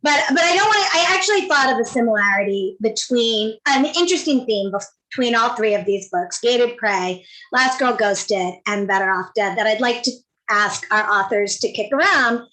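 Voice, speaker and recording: Woman, slightly high voice. Chatty panel moderator on a video call. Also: animated, moderate pace, sharp tone, low-quality recording. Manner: chatty, rambling questions. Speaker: panel host.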